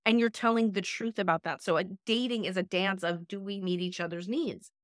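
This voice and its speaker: A woman's voice: medium pitch, steady tone, brisk, no room sound, clean studio sound. A woman life coach giving direct, emphatic dating advice in a podcast interview, often repeating key phrases for emphasis. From United States. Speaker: life coach and relationship expert guest.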